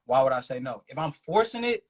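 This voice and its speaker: A man's voice: medium pitch, big pitch swings, fairly quick. A laid-back man, a rapper guest chatting casually in an interview, laughing often and talking in loose run-on thoughts.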